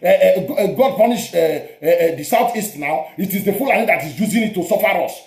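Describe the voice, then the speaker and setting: A man with a Nigerian accent arguing politics in a heated debate, forceful and repetitive, cutting in on the other speaker. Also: high voice, animated, fast, gravelly, echoey room, poor audio. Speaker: show host. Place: abroad, home.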